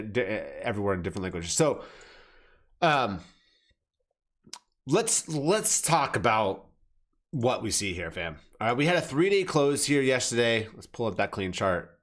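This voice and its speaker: A man's voice: mid-range voice, fairly bright tone. A man with an ordinary mid-range voice riffs on crypto charts in a brash, unscripted way. He talks bluntly, swears freely and keeps addressing his viewers as fam. He often stops and corrects himself partway through a sentence. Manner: self-correcting, restarts phrases. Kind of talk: casual market commentary over charts.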